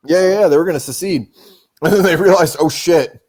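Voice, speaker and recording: A man hosts a casual political livestream, reading out vote numbers and reacting with animated, profane comments. His voice sits a little high for a man. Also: fast. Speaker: livestream host.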